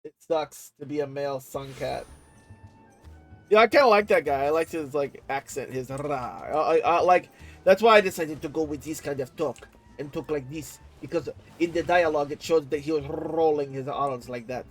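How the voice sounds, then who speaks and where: A man's voice: fairly high pitch, moderate pace, faint music behind. A young man streaming a game and chatting in loose, slangy banter. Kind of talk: casual gaming chat.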